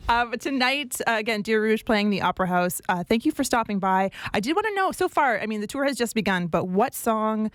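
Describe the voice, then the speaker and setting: A woman hosting a radio studio interview, asking questions in a quick, upbeat way. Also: fairly high pitch, expressive, dry recording. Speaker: radio host.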